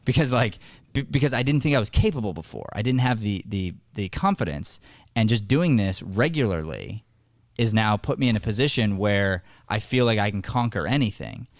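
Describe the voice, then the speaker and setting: Male host, acting coach type; earnest, emphatic, low-pitched, dry mic. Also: expressive, normal speed, no room sound. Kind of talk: casual podcast discussion.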